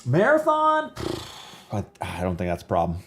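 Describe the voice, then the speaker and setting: A man's voice: low voice, normal speed, a little mellow, faint music behind. A man streaming and chatting casually with his live chat, rambling with lots of fillers and restarts.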